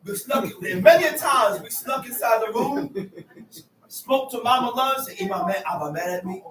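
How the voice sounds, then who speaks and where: A man preaching from scripture to a group, repeating verses back in a loud, emphatic voice. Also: very high voice, expressive, moderate pace, echoey room, far from the mic, poor audio. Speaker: street preacher teaching from scripture. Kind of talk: call-and-response sermon.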